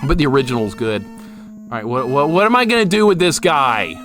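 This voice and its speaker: A man in his thirties talks through a retro game in a loose, joking stream chat, laughing easily and cursing now and then. His pitch swings widely as he reacts, sitting at an ordinary middle height. Loud game music runs underneath him. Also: brisk. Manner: chatty, animated, laughs easily, swears casually. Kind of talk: casual gameplay commentary, chatting with viewers. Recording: game music playing loudly beneath the voice.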